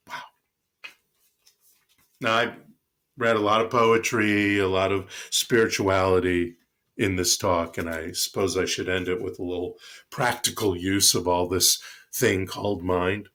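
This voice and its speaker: A man's voice: deep voice, fairly even intonation, a little slow, a bit bright. A man preaching a reflective sermon as pastor, telling stories. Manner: reflective, storytelling.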